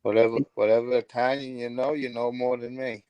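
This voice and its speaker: A man with a Brooklyn accent chatting casually on an online call, easygoing and quick to laugh. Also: medium pitch, flat delivery, darkish tone, clear, resonant tone, muffled recording. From Brooklyn, New York. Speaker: chat participant.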